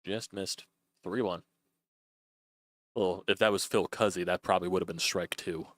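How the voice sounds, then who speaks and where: A man's voice: sits low, fairly even intonation, moderate pace, no room sound. A young man doing loose, chatty play-by-play on a live stream, swearing freely as he calls a baseball game.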